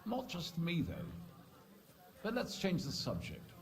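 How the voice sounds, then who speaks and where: An actor playing a composed, worldly male knight in a game, speaking calmly and with a dry edge. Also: sits high, a little slow, vocal fry, heavily acted.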